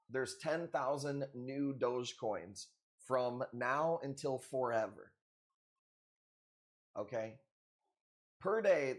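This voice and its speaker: A man hosting a live coral sale stream, chatting casually with viewers in a loose, profane, joking way. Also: medium pitch. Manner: loose, profane, joking banter with frequent laughs.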